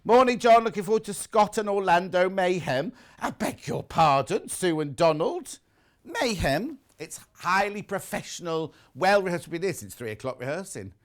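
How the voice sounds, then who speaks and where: A man's voice: high voice, animated, normal speed. A male TV shopping host who chats live in a studio, reads out viewer messages and jokes about himself. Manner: chatty, self-mocking, jokey. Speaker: shopping channel presenter.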